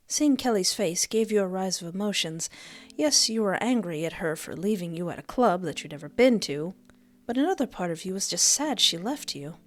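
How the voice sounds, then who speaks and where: A woman's voice: mid-range voice, animated, moderate pace, soft background music. A woman playing a visual novel, reading the narration aloud with playful asides. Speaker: game streamer.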